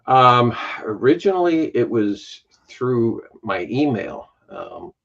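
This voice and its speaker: A man's voice: mid-range voice, very animated, slow pace, gravelly, fairly bright tone. A man with a Chicago accent, a guest on a live stream, telling stories in a rambling, self-deprecating way. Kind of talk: casual chat on a live stream. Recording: dull lo-fi stream audio.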